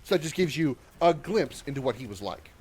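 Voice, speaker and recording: A man in his thirties talks loosely to his stream while he plays. He is sarcastic, swears freely, reads viewers' messages aloud, and yelps loudly when his character is in danger. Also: medium pitch, expressive, a little fast, breathy edge. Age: 30s. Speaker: gaming livestreamer. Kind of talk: casual gaming stream chat.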